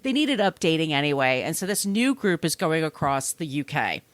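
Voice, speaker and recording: A woman podcast host tells a true crime tale as casual chat. Her voice sits slightly low but swings widely as she slips into goofy voices for the people in it. The sound is close and dry. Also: moderate pace, no echo. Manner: animated, acts out quotes in goofy voices.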